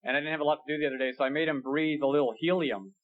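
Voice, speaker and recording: A young man doing a stand-up comedy set on a club stage, animated, acting out stories. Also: fairly high pitch, very fast. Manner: animated, acts out a fight story with rising shouts. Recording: dull lo-fi VHS tape with loud hiss. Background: audience laughter and crowd noise.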